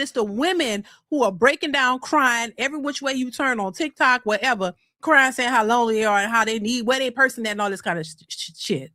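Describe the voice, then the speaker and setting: A sassy woman hosting a reaction channel, ranting to her viewers with emphatic slang. Her voice sits high and bright. The sound is close and dry with no room echo. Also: brisk, few pauses. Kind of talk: casual commentary to viewers.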